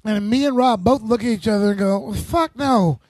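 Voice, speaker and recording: High voiced guy filling everyone in on the night, lots of uhs, super dry sound. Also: fairly even intonation, a little fast, a little mellow, dry recording. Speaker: podcast co-host. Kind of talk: casual chat.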